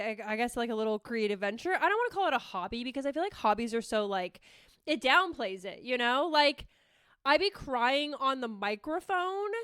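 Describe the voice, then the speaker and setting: A high-pitched young woman hosts her podcast in a bubbly, rambling way, swearing casually and restarting her sentences. Her voice is bright and forward. She is recorded close on a dry microphone with no room sound. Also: clean tone, no echo. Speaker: podcast host. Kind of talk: casual solo podcast chat. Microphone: close podcast mic.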